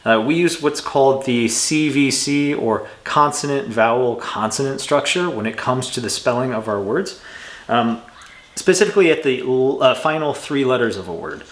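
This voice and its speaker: A man's voice: mid-range voice, moderate pace. Chatty man teaching in an echoey room. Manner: relaxed, chatty, self-correcting. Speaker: English teacher. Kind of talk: casual grammar lesson. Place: home room with a cat.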